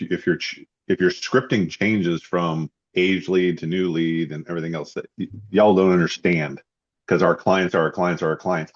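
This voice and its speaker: A man sharing sales advice on a coaching call, husky, with halting restarts. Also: sits low, muffled recording. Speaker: sales agent. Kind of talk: coaching call for insurance agents.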